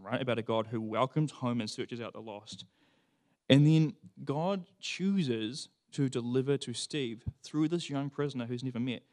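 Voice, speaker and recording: Animated man preaching. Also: mid-range voice. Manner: animated storytelling, acts out quoted voices. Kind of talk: conversational sermon with scripture reading.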